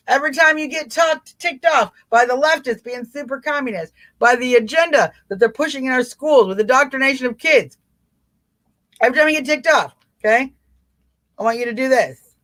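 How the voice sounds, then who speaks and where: A woman hosting a live political talk stream, urging her viewers on with emphatic, repeated commands and quick mimicking asides. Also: fairly high pitch, fairly bright tone. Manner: emphatic, repetitive exhortation straight to viewers. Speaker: live-stream show host.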